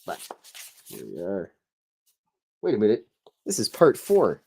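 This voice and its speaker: A man with a lowish voice hosts a casual stream, talking as he sketches. He rambles, jokes at his own expense and keeps up an easygoing, chatty flow. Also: huge pitch swings, a little slow, creaky, mellow, husky. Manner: rambling, chatty, self-deprecating. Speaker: show host. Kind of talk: casual livestream chat while drawing.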